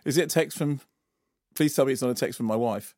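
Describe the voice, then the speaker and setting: A man co-hosting a radio show, bantering in a teasing, playful way and quick to laugh. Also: medium pitch, darkish tone, no echo, clean studio sound. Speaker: radio co-host.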